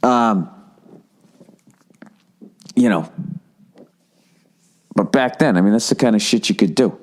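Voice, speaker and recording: A man in his forties ranting through a casual comedic monologue as a podcast host, swearing heavily and jumping up in pitch. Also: takes it slowly. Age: 40s. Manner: ranting, heavy swearing, animated rises in pitch.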